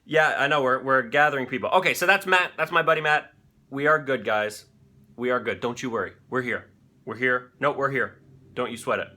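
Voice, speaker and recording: A man's voice: medium pitch, a little fast, bright, forceful tone. A man hosting a live-stream show in loose, rambling chat, swearing freely and talking to his viewers.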